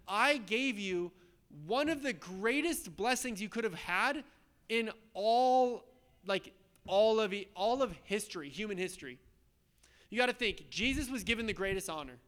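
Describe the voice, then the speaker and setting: A man's voice: high-pitched, pushed and bright. A man preaching a sermon in a conversational, emphatic way, often checking in with his listeners. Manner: emphatic, conversational, frequent "okay?" and "right?" check-ins. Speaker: pastor.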